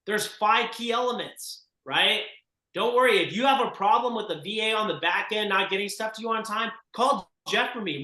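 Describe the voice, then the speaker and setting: A bright, high-pitched man coaches a group of real estate agents, pressing them again and again to act. He speaks with strong emphasis and force, and his voice echoes noticeably in the room.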